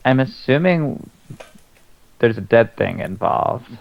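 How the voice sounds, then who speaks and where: A man's voice: mid-range voice, lively intonation, takes it slowly, vocal fry, dull audio. A man playing a tabletop game, talking in a casual, wry and slightly unsure way. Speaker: player. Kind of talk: tabletop role-play, casual.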